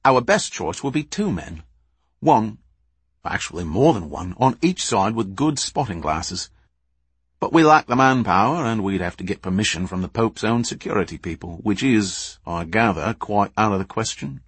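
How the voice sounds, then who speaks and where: A man's voice: on the low side, expressive, normal speed, breathy edge, dry recording. A man voicing a precise, fretful British spy and photographer in an audiobook. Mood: worried.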